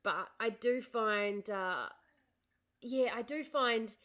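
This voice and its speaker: Woman, posh Australian accent, bright voice, middle-aged, chatty livestream host, answers comments. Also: a little high, slow pace. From northern Australia. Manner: chatty, reads and answers comments, laughs often. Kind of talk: casual livestream chat.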